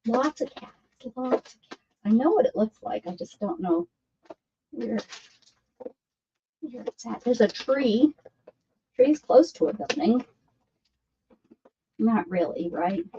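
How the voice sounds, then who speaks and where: A woman's voice: fairly high pitch, animated, slow, pauses often, warm tone. Woman, art stream host, chatty, muttering while crafting, dull lo-fi sound, faint hiss. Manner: chatty, mutters to herself as she works. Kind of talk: casual chat while crafting. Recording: dull lo-fi audio with faint noise.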